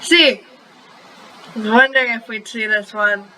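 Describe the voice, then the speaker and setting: A woman's voice: on the high side, fairly even intonation, unhurried, sharp tone, a little hiss or hum, rough recording. A woman reading aloud and voicing a cheerful, teasing young man who talks chirpily.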